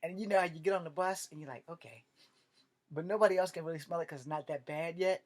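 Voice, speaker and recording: Animated, cursing man telling comic stories. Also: a little high, very fast. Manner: animated, profane, joking. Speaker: vlogger. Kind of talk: comedic storytelling rant.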